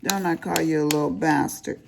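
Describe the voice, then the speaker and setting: A woman's voice: low-pitched, fairly even intonation, fairly quick, creaky, noisy background. An older woman, chatting casually and teasingly to viewers while she crafts. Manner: chatty, folksy, teasing, addresses viewers as y'all and honey. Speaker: crafting vlogger.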